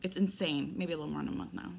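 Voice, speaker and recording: A woman's voice: sits low, racing, vocal fry, slightly rough. Candid rambling woman vlogger. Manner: rambling, candid, animated retelling with quoted dialogue. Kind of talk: casual personal update.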